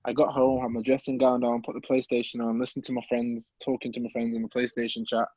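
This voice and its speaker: A young man from England with a Midlands accent, a podcast guest telling his story in a lively way, acting out the people in it. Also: mid-range voice, fast talker, no echo. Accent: English Midlands. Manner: animated, acts out voices of people in his story. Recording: slightly muffled dry recording.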